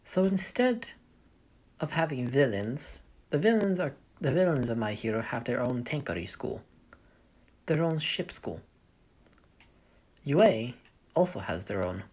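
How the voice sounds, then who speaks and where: A woman's voice: a bass voice, big pitch swings, a little slow, long pauses, a little mellow. A woman explaining the setup of her fan story in a casual, rambling way, often stopping to correct herself. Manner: rambling, self-correcting, thinking aloud. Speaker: fanfiction storyteller.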